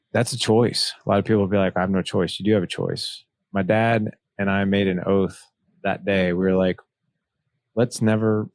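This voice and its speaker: This man, a guest on a podcast, speaks in a low, creaky, somewhat dark voice with no echo. He tells a personal story earnestly, retelling past exchanges using "he's like."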